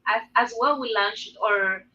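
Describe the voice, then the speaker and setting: A woman guest on a casual chat show, speaking haltingly as she points listeners to information. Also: on the high side, sharp tone. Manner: halting, plugging a website. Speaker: guest, cigar business owner. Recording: distant dull sound, faint noise.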